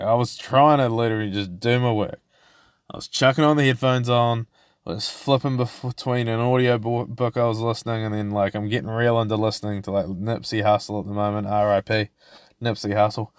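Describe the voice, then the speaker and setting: A man's voice: mid-range voice, no room sound, studio quality. A man, hosting a podcast alone and venting about work in a rambling, profane way. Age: 20s. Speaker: podcast host. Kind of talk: casual solo podcast rant.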